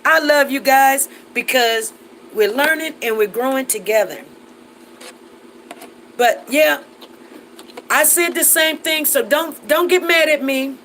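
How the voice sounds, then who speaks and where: A woman's voice: sits high, slow pace, pauses often, fairly bright tone, slight background noise, poor audio. A woman in her forties hosting a casual live chat, reading viewer comments and laughing often as she talks. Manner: chatty and laughing, with Southern Black American vernacular.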